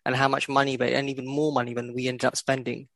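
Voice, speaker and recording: A man's voice: medium pitch, completely flat delivery, fast talker, creaky, fairly bright tone, no echo. A man co-hosting a podcast, talking football in a blunt, sweary way and laughing often. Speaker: podcast co-host. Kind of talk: casual football chat.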